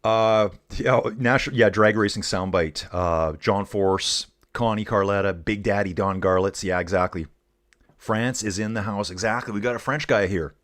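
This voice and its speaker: This middle-aged Canadian man, with a lowish voice at normal speed, runs a live cycling stream. He chats with viewers in a casual, excited way while covering the race.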